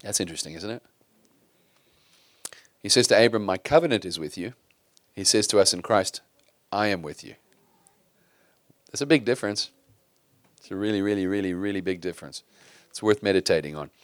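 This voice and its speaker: A middle-aged man preaching from the pulpit in a relaxed, conversational manner, often turning to the congregation with questions. His voice sits low, and it is recorded close and dry with little room sound. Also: brisk, pauses often, no room sound. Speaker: pastor. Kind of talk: sermon.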